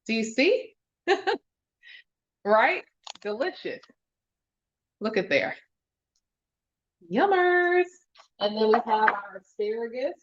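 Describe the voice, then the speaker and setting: A woman's voice: fairly high pitch, dull audio. Upbeat woman hosting a live cooking demo. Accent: New Jersey. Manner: upbeat, chatty, reads viewer comments. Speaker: cooking show host.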